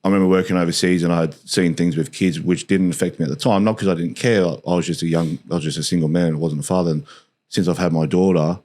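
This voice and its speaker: An Australian man with a very deep voice hosts a podcast. He talks quickly, rambling through his points in a loose, conversational flow. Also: fairly even intonation, dark tone. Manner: rambling, lots of "you know" fillers. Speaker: podcast host. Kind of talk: casual interview chat.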